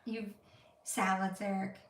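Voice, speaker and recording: A woman's voice: medium pitch, level tone, slow, a little hiss or hum. A woman with a Wisconsin accent, chatting casually and laughing at herself as co-host of a family live stream. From Wisconsin, USA. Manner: chatty, giggly, self-deprecating. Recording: echoey room, distant mic.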